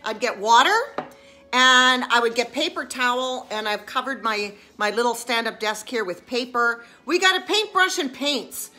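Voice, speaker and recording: A woman chatting casually on a live stream as she crafts, self-mocking and chatty, with excited squeals of delight. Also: fairly high pitch, normal speed, soft background music.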